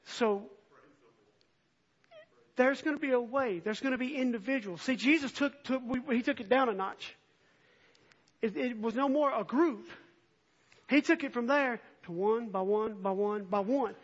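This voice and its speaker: High-voiced impassioned preacher man. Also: unhurried, pauses often. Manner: earnest, swells from soft reading to impassioned near-shouting. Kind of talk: sermon. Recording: dull lo-fi recording.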